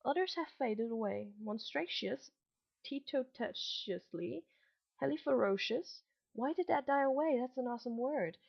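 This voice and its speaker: A high-pitched, animated voice comes from a late-teen vlogger who grew up between Germany and Malaysia and has a slight mix of German and Malaysian English in her accent. She talks a little fast with few pauses on her webcam, rambling with lots of ums and restarts, and the highs in the audio are cut off.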